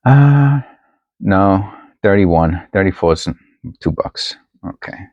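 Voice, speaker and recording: Rambling as he sorts coins at home, a coin-collecting vlogger thinks aloud and keeps restarting his sentences. His pitch is extremely low, his tone steady, and his speed normal. Recorded on a new desk microphone, the sound is dry and lo-fi.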